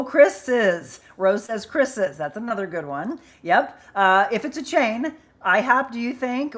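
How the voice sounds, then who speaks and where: A woman hosting a live chat show, upbeat and chatty as she reads out viewers' comments and names. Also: a little high. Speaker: livestream host.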